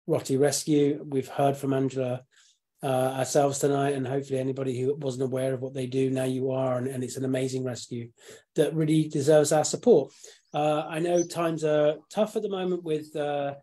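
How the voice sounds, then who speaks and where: Man, host, casual live chat, rambling, clears throat often, warm mellow tone. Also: mid-range voice, little pitch movement, fairly quick.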